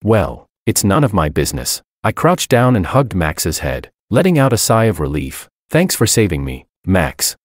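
A man narrates a first-person story in a wry, self-mocking tone. His voice is low and deep, yet the delivery swings through a wide, lively pitch range. The recording is close and dry, with no room sound. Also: no echo.

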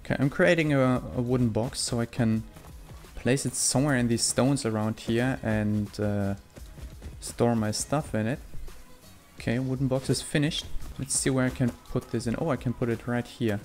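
A man's voice: medium pitch, moderate pace, soft background music. A man casually commenting on his own survival gameplay, talking plainly about his plans and moves into a close desk microphone. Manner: excitable, swears a lot when fighting; calm, chatty explaining. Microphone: desk mic close up.

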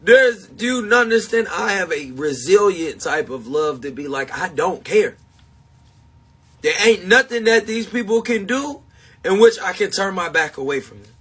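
A man talking live to his supporters in a high, bright voice with a husky, breathy edge. He speaks slowly and emphatically. He repeats himself, laughs between points, and sounds confessional. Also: lively intonation. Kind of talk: casual livestream chat.

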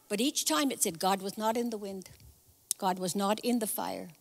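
A woman giving a sermon as guest speaker, telling the story in a lively, conversational way with casual asides. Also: medium pitch, moderate pace, in a large hall. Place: church sanctuary.

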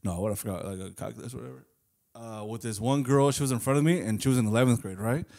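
Young male co-host, mid-pitch voice, rambling comic anecdotes. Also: fast talker, vocal fry, mellow. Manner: loose, rambling, swearing, laughs often. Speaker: podcast co-host. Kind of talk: casual comedic storytelling.

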